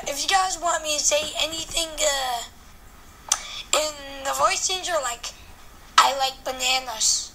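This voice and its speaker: A woman's voice: high voice, pushed and bright, slight background noise, poor audio. A woman hosting her own channel, chatting casually and jokily with many filler sounds. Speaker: channel host. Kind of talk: casual vlog chat.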